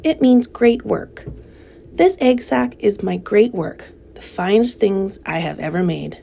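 A wise but fading female spider from a storybook who speaks in a soft, subdued, unhurried way , voiced by a woman reader. The voice is dark and mellow. A gravelly fry runs underneath. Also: medium pitch, slight background noise. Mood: weary. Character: wise, tired female spider, gentle and weakening. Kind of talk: storybook character reading.

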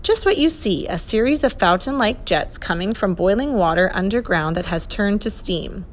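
A woman's voice: medium pitch, animated, slight background noise, lightly acted. A woman reading a knowing, kindly professor. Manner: brisk, knowing and reassuring. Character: kindly clever older male professor. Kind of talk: storybook reading.

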